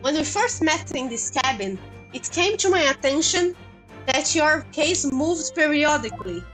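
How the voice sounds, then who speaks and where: A woman's voice: high voice, sing-song, unhurried, a bit bright, faint music behind, exaggerated voice, poor audio. A woman voicing a boastful, grandiose male detective as she reads game dialogue aloud. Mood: declaiming. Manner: grandiose, theatrical.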